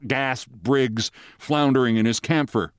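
A man's voice: a little slow, smooth, dry recording. Man reading a story aloud, dry sound. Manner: lively storytelling, jumps high for quoted shouts. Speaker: podcast host.

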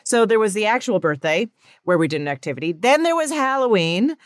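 A woman in her thirties hosting a podcast, telling a personal story in a casual, animated and candid way, with some swearing. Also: medium pitch, a little fast, faint music behind. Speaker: podcast host. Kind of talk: casual monologue.

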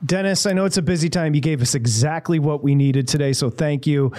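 A man's voice: on the high side, a little fast, a little mellow. A man hosting sports talk radio, chatty and amused as he wraps up with a guest.

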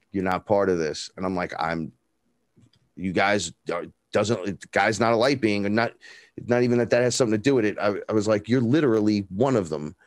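Guest: a man, lowish voice, dry close sound, swearing storyteller who acts out quotes. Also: dry recording. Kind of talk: casual storytelling.

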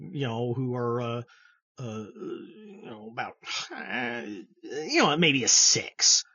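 A man's voice: mid-range voice, bright, forceful tone, breathy edge, no room sound, muffled recording. A man giving sarcastic, scornful political commentary on his show, often stumbling and restarting his sentences. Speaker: political podcast host.

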